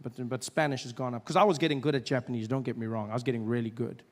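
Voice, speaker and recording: A young man from Africa, performing an animated stand-up routine in a live venue and breaking into shouted voices. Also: medium pitch, racing, long reverb tail. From South Africa. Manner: animated, acts out voices with sudden shouts and laughs. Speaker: stand-up comedian. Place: live comedy venue with audience.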